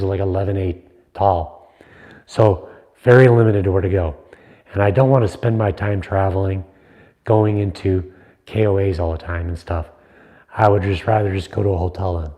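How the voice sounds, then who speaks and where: This middle-aged man hosts a livestream as a knife maker, bantering loosely with viewers and poking fun at them. He speaks in a lowish, slightly mellow voice.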